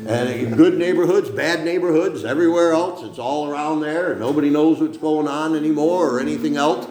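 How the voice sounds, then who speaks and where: Older man, pastor mid-sermon, emphatic rambling delivery with "okay?" asides, raised pitch, roomy church sound. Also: a little fast, a little mellow. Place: church sanctuary.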